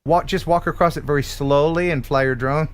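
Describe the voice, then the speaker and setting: An American man hosting a live stream, telling puns and reading sponsor plugs in a jokey, animated way. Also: fairly high pitch, fairly quick, clean tone. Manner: animated, punning, jokey delivery. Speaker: host. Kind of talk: live stream chat with jokes and sponsor reads.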